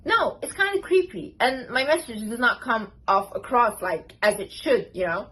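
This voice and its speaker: A woman's voice: on the high side, lively intonation, moderate pace, a bit bright, slightly rough, poor audio. A young woman vlogger giving casual, emphatic confidence advice to camera, full of "like"s and "literally"s. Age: young adult. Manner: chatty and emphatic, many "like"s and "literally"s. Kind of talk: casual motivational talk to camera.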